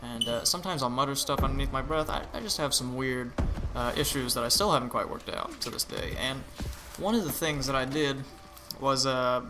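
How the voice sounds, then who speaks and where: A man's voice: medium pitch, fairly quick, hardly any pauses, over music. Tired man rambling over gameplay. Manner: rambling, with many restarts and fillers. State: tired, yawning. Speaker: gaming channel host. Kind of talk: laid-back commentary over gameplay. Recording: noisy home recording with clicks.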